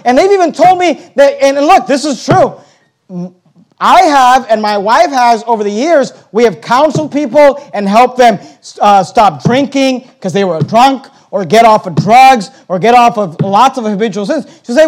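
High-voiced man preaching a forceful sermon. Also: animated, normal speed. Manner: forceful preaching with repetition, chuckles at himself. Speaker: pastor. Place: church.

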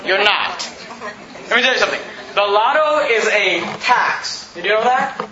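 A man's voice: high voice, lively intonation, moderate pace, background noise. A pastor preaching a sermon emphatically, mocking his listeners with put-on quotes. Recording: roomy, slightly dull recording.

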